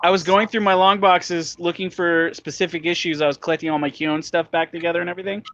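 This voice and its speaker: A man's voice: fairly high pitch, little pitch movement, fast talker, a bit bright, no room sound, highs cut off. A man in a casual chat, talking eagerly about old comics.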